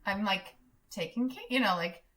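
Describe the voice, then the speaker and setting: A woman co-hosting a casual chat, an animated storyteller who acts out what people said. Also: medium pitch, normal speed, distant mic. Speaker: podcast co-host, nurse. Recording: set back from the mic.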